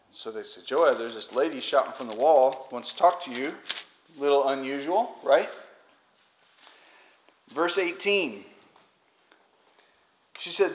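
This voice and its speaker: A man preaching in a relaxed, conversational way, retelling a Bible story and acting out the lines of the people in it. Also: a little high, a little slow, long pauses, echoey room, rough recording. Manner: conversational storytelling, acts out quoted voices. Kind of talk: informal Bible teaching.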